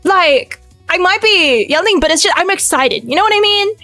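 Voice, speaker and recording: A high-voiced young woman chats on her stream, loud, fast and very emotive. Her pitch leaps up and down as she talks. The sound is close and dry, with faint music underneath. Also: no echo. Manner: excitable, loud and fast, lots of pitch swings. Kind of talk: casual chat stream.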